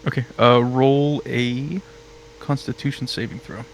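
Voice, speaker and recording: Relaxed man running a tabletop game. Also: medium pitch, a little slow, noisy background. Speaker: game master.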